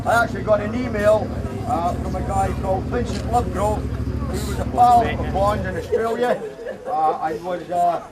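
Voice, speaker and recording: A high-voiced Scottish man with a local Angus accent addresses a crowd outdoors, his delivery plain and halting, full of fillers and restarts. He sounds set back from the microphone, with street traffic rumbling clearly behind him. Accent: Scottish, Angus (Kirriemuir). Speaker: community councillor giving a speech. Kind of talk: public speech at an outdoor unveiling, then reading a letter aloud. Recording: distant outdoor recording with traffic noise.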